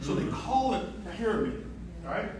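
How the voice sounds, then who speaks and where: A man giving a lively motivational seminar talk, telling stories and joking with a live audience. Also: high-pitched, moderate pace, slight background noise. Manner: animated storyteller, jokes with the crowd, asks for hands. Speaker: motivational speaker on stage. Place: large event hall. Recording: echoey hall, distant mic.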